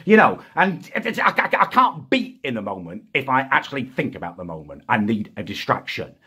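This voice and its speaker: A young man in a comedic rant, exasperated and indignant, with sudden high-pitched outbursts. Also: very animated, brisk, bright, forceful tone, breathy edge. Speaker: comic ranting character.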